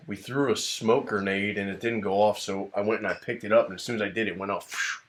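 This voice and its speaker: Man, casual guest, low voice, relaxed storyteller, slight background noise. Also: brisk, few pauses. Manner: easygoing, acts out dialogue with "I'm like". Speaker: guest, former Navy corpsman.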